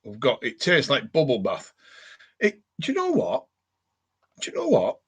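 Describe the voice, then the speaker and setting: A man's voice: mid-range voice, normal speed, husky. A middle-aged man hosting a casual home live stream, ranting and reading out viewer comments. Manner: ranting, animated, reads viewer comments aloud.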